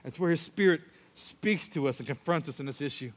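A middle-aged man preaching a sermon, telling a story and acting out the voices in it with lively storytelling. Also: fairly high pitch, fairly quick. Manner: animated storytelling, acts out voices. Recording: long hall reverb.

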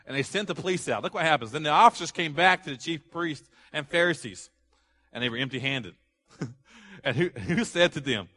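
A man preaching a sermon, animated, asking the congregation to fill in words and acting out the people in the story. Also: on the high side, fast. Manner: animated, acts out quoted voices, rising to loud exclamations; asks the audience questions and lets them fill in words. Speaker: pastor.

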